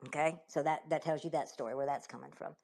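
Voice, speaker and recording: Southern woman guest, low voice, emphatic storyteller who restarts and repeats herself. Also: steady tone, fast, vocal fry, a little mellow. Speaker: guest, author. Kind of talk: conversational interview storytelling.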